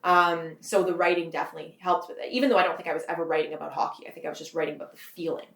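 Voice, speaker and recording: A woman's voice: sits low, level tone, racing, creaky, a bit bright, roomy sound. A Canadian woman in her twenties, a guest author in a casual interview, rambling and filling her talk with "like". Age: 20s. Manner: rambling, heavy use of "like", frequent laughs.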